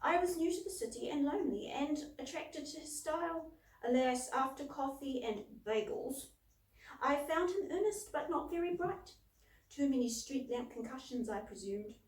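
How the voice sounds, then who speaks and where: A woman's voice: high-pitched, lively intonation, moderate pace, darkish tone, voice pushed up. A woman reading aloud as a refined female ladybug in human form, speaking in an airy, dryly amused way. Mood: wry. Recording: roomy, distant mic.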